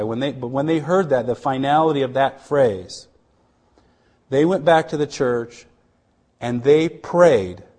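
Here a middle-aged male missionary recounts his own testimony in a mid-range voice. Earnest and hesitant, he keeps restarting and lowers to a hush in the tender parts.

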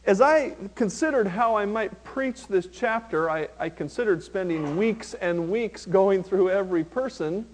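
A male pastor preaching a sermon, reading scripture slowly and with emphasis, then talking plainly to his congregation. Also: high voice, lively intonation, a little hiss or hum.

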